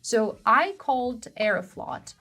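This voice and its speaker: Young woman hosting, chatty and animated, tells stories with lots of exclaiming. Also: on the high side, a little slow, soft background music. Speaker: co-host of a language-learning show. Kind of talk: casual conversational storytelling.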